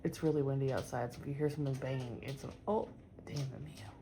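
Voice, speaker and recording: A woman's voice: extremely low pitch, fairly even intonation, fast, background noise. A woman vlogging casually at home, cooing and baby-talking to her cats. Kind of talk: casual chat. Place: home, indoors.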